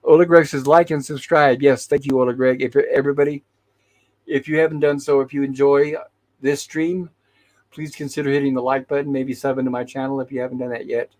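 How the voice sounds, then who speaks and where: A man's voice: medium pitch, level tone, fairly quick, darkish tone. Chatty man reading out viewer comments. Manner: reads viewer chat messages aloud and greets each viewer by name; hesitant, with frequent restarts and self-corrections. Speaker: livestream host. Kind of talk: casual livestream chat.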